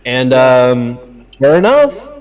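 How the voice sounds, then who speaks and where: Profane animated man talking sports bets. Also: mid-range voice, drawn-out words, low-quality recording. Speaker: podcast co-host. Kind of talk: casual sports betting chat.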